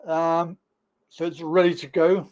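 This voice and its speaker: A man from England hosting a live stream, chatting in a relaxed, agreeable way with casual swearing. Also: a little high, a little slow, lo-fi sound. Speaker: livestream host. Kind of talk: casual chat.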